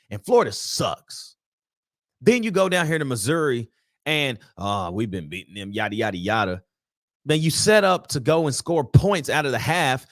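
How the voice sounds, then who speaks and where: A man hosts a sports talk stream and rants with frustration and emphasis. His pitch swings widely up and down as he talks. The sound is dry and close. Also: dry recording. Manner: frustrated, emphatic, animated ranting. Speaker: sports talk show host. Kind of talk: casual sports talk livestream.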